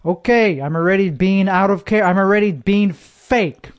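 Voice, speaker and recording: A man playing a pretentious, fake-sincere podcast host who talks slowly with an exaggeratedly wide, stretched mouth. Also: sits high, no echo, lightly acted. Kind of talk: comedic parody of a podcast.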